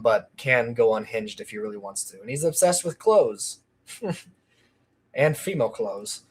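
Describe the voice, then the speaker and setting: A man's voice: mid-range voice, measured pace, long pauses. A man chatting on a casual livestream about his channel, rambling with lots of ums and restarts. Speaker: channel creator.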